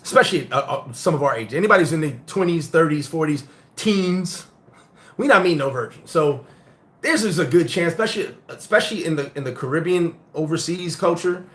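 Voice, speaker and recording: With a slightly high, brisk delivery, a middle-aged host who grew up in the US chats casually on a live stream. He spins tales in a loud, blunt, foul-mouthed way.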